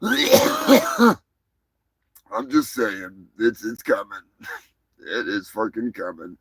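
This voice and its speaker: A man hosting a crude comedy news show, rowdy, laughing and shouting his sales pitches. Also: unhurried, breathy edge, no echo. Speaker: host.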